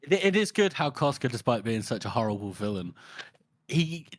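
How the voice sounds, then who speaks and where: A man's voice: mid-range voice, very animated, moderate pace, no room sound. A man on a book podcast picks apart a villain's tactics in a fluent, analytical manner. His voice sits mid-range and sounds dry and close to the mic. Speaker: podcast co-host. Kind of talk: casual book-podcast chat.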